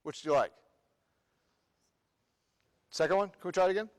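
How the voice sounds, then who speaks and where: A man leading a concert band rehearsal, counting off the players, singing rhythms to show them, and quizzing them with quick questions. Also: high-pitched. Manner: counts off and sings rhythms to demonstrate. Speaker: band clinician. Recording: long reverb of a large hall.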